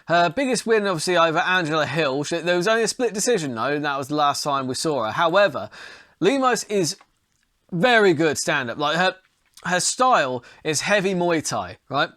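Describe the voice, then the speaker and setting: A young man hosting a fight-betting show, talking casually and profanely, thinking out loud as he goes. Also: fairly high pitch, no room sound, clean studio sound. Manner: profane, chatty, talks himself into things. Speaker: podcast host, fight tipster.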